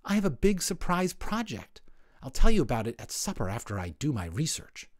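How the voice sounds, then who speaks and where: A man's voice: fairly high pitch, brisk, dry recording, clean studio sound, voice pushed up. Man doing a plucky little girl rabbit. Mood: eager. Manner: calm, confident. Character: determined clever young girl rabbit.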